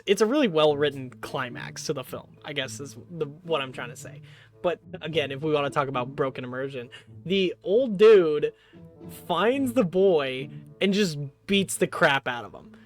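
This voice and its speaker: A man casually reviewing a horror film, rambling and joking, with "like" in nearly every sentence. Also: on the high side. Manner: rambling, joking, full of "like" fillers. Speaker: movie reviewer.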